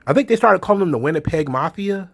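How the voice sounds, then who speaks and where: A man's voice: sits high, lively intonation, fast, gravelly. A man hosting a casual solo commentary, blunt and exasperated, swearing freely and acting out quotes. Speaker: wrestling commentary host.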